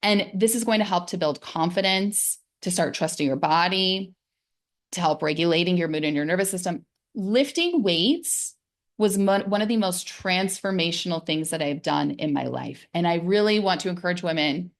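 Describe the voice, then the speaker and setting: A middle-aged woman, a wellness coach, giving a casual, gentle and encouraging talk about pain, sometimes dropping into soft, soothing self-talk. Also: fairly low pitch, normal speed. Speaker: physical therapist and wellness coach.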